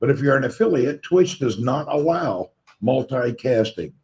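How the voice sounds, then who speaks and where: A man's voice: medium pitch, expressive, moderate pace, a little mellow. Tired Southern-accented man hosting a livestream. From Tennessee, USA. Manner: friendly, greets viewers one by one. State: tired, voice a little crackly from poor sleep. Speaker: livestream host. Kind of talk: casual livestream chat, reading out viewer comments.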